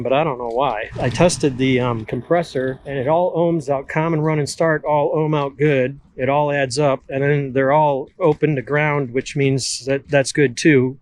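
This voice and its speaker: A man's voice: fairly high pitch, slight background noise, poor audio. A middle-aged man, a boat mechanic, chatting casually to the camera and explaining his repair work step by step. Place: on and around boats at a marina.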